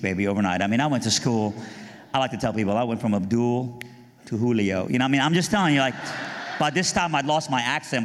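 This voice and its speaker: A man from Iran telling his life story as a humorous testimony, animated and jokey, jumping high in pitch to act out punchlines and voices. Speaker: speaker giving a testimony. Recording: long hall reverb.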